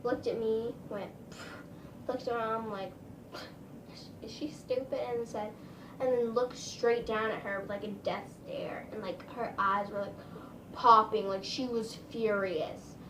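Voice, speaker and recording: A woman's voice: on the high side, fairly even intonation, unhurried, reverberant, recorded from a distance, noisy background. A woman vlogger telling a casual storytime, rambling, with lots of "like" and "um". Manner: chatty, rambling, full of "like" and "um".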